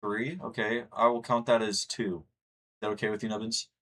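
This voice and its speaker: A man's voice: on the low side, little pitch movement, normal speed, fairly bright tone. A young man from the United States chatting casually with his livestream chat, rambling and reading messages aloud. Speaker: streamer.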